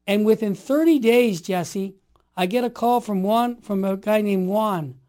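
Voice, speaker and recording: A guest in his sixties tells stories in conversation, emphatic and animated, sinking to quiet asides and then rising into forceful exhortations. His voice is high-pitched and his pace measured.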